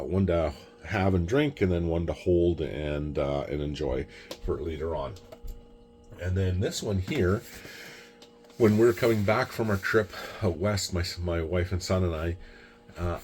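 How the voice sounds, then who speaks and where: A man's voice: low-pitched, darkish tone. A middle-aged man from Canada chatting casually about his bottles, rambling and repeating words as he tells stories. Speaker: whisky collector vlogger. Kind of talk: casual chat.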